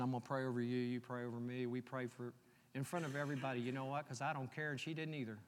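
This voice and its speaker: A man preaching a sermon, reading scripture slowly and telling personal stories in a conversational way. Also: medium pitch. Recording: long hall reverb.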